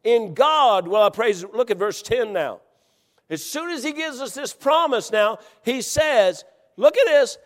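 A middle-aged man preaching a sermon in a church, fervently repeating lines and rising to shouts. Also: very high-pitched, animated, a little slow. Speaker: pastor. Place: church sanctuary. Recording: long hall reverb.

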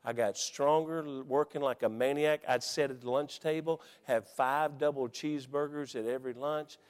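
A middle-aged man telling a story from the pulpit in a folksy, animated way and acting out the quotes. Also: mid-range voice, normal speed. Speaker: preacher. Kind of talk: storytelling sermon. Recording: long hall reverb.

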